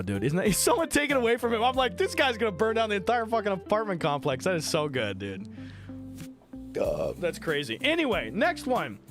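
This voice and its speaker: Animated young man telling a stream story. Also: high voice. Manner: animated, swearing, acts out quotes of others. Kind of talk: casual storytelling on a live stream.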